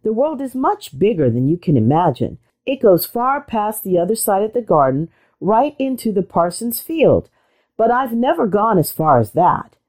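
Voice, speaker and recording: A woman's voice: medium pitch, sing-song, moderate pace, a little mellow. A woman reading a storybook aloud, voicing a fussy, impatient mother duck who frets and boasts about her brood. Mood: weary. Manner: fretful, proud and chatty.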